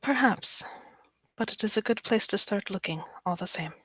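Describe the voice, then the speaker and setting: A woman voicing a formal, measured Norse seafaring woman in a tabletop game. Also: medium pitch, animated, pushed and bright, slightly rough, no room sound.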